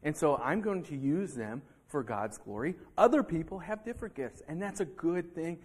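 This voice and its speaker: High-voiced animated man preaching. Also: moderate pace, breathy edge. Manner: animated preaching, acting out heated quotes. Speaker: pastor. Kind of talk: sermon. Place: church sanctuary.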